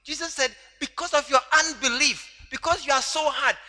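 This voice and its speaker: A man preaching a sermon to a congregation, animated and teasing, laughing along with them. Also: extremely high pitch, normal speed. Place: church hall. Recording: long hall reverb.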